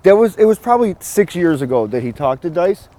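A man's voice: high voice, big pitch swings, brisk, warm tone. A man in casual chat, joking and swearing as he walks along a street. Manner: joking, profane, trails off. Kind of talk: casual chat while walking. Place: outdoors on a city street.

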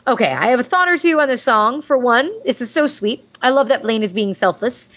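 Animated, lively-voiced woman gushing on a podcast. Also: a little high, a little fast. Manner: gushing, chatty, jokey. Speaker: podcast host reading listener mail. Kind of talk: casual fan chat. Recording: dull lo-fi sound.

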